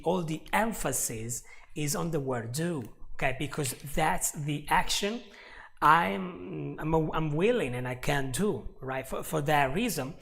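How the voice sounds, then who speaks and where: A man's voice: fairly high pitch, vocal fry, a bit bright. A man teaching English on a live stream, explaining step by step and chatting with viewers. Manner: explanatory, repeats words, chats with viewers.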